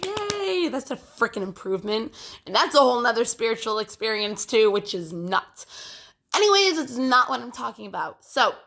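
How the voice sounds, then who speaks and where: A young woman chatting casually to her phone camera, rambling with lots of fillers and clearing a phlegmy throat. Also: a little high, big pitch swings, normal speed, a bit bright. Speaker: vlogger.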